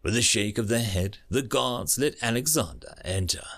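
A man's voice: normal speed, creaky. A man narrating a science fiction short story as an audiobook reader, reading expressively. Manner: expressive reading with lively pitch.

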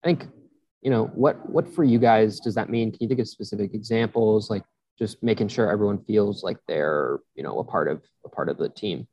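A man's voice: fairly low pitch, a little fast, dark tone, breathy edge, no echo. A man hosting a podcast interview, asking loosely phrased questions with frequent restarts. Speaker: podcast host. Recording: dull, slightly muffled dry audio.

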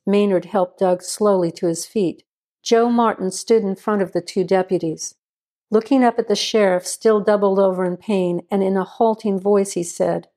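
A woman reading a crime story aloud in steady, even scripted narration. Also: mid-range voice, moderate pace.

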